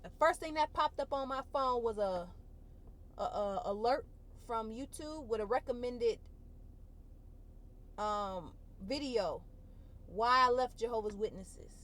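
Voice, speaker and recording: A woman vlogger talks in an unhurried way with long pauses, her fairly high voice tearful as she gives an emotional personal testimony. She speaks colloquially and expressively, repeating phrases for emphasis while holding back tears.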